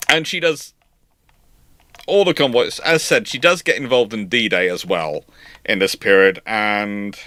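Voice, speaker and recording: A man hosting a live naval history talk who speaks in an animated, rambling way and laughs often. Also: on the low side, slow pace, long pauses, no echo. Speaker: host.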